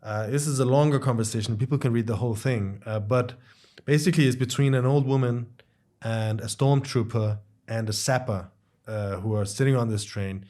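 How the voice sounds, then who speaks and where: A man co-hosting a political discussion, recounting a conversation and acting out the quoted dialogue with lively shifts in voice. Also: normal speed. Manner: animated, acts out quoted dialogue with shifting pitch. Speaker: podcast co-host.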